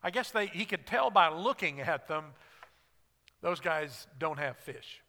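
A man's voice: a little high, lively intonation, unhurried, sharp tone, in a large hall. A man preaching a sermon, earnest and conversational, asking his listeners questions. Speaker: pastor.

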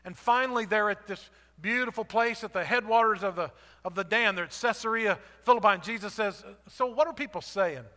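A man's voice: high voice, brisk, bright, forceful tone, big-room sound. A man, a pastor, preaching a sermon in a conversational storytelling way. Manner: storytelling, conversational, acts out quotes.

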